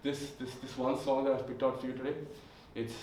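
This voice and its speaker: A young man with a cold playing a solemn female schoolteacher in a low, hushed voice. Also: little pitch movement, brisk, slight background noise, lightly acted. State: sick. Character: solemn future schoolteacher, woman. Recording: echoey room heard from far off.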